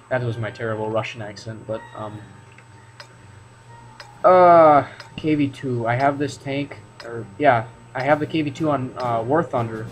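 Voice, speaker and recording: A man hosting a gaming video, commenting casually on his match in a relaxed, rambling way with many fillers. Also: mid-range voice, unhurried, faint music behind, poor audio. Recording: voice over loud game sounds. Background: game engines and artillery fire.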